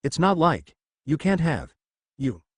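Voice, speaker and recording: A man's voice: fairly high pitch, big pitch swings, takes it slowly, breathy edge, no echo, studio quality, full character voice. A man voicing a shy young fox spirit woman in human form, meek and stammering, in a fan fiction audiobook. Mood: bashful.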